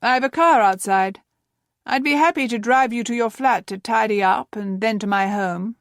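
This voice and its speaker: A woman's voice: on the high side, moderate pace, no room sound, natural voice. Gracious polite navy captain guy, kind and easy, woman narrator doing him, dry audiobook sound. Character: kind, courteous middle-aged male naval captain.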